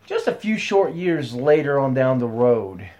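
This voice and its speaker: A man's voice: medium pitch, sing-song, a little slow, darkish tone. A man hosting a casual podcast interview. He asks his questions in an easygoing, conversational way. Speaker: podcast host.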